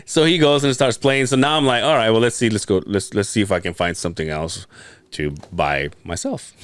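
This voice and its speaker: A man's voice: fairly low pitch, brisk, smooth, no room sound. A man hosting a podcast, telling a story in casual chat, cursing freely and acting out quotes with laughs. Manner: profane, animated storyteller, acts out quotes with laughs. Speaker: podcast host.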